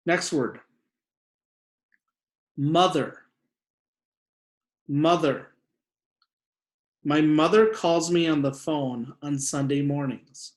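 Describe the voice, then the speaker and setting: A man teaching a spelling lesson to young children, saying each word slowly and repeating it with care. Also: a little high, a little mellow. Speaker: second grade teacher. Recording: echoey room.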